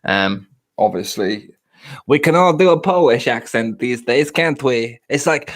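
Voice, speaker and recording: A man's voice: mid-range voice, expressive, a little slow. A man with a West Country English accent, chatting casually as a host, joking and laughing often. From South West England. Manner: jokey, laughs often, swears. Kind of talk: casual banter.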